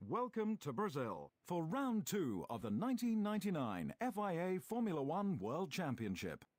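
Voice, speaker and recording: A man's voice: fairly high pitch, huge pitch swings, normal speed, a little mellow, no echo. A man voicing a formal race commentator in a racing game, announcing the starting grid.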